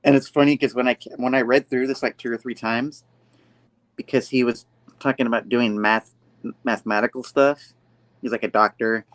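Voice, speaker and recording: A man hosting a casual comic book review, retelling the story with animated storytelling. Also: mid-range voice, normal speed. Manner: animated storytelling, acts out the panels. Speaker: podcast host.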